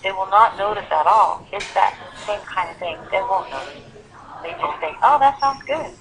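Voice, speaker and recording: A woman teaching English pronunciation on a video call, animated and fond of acting out examples. Her voice is bright and clear, heard over a thin, phone-like line. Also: mid-range voice, normal speed. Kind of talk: online English lesson.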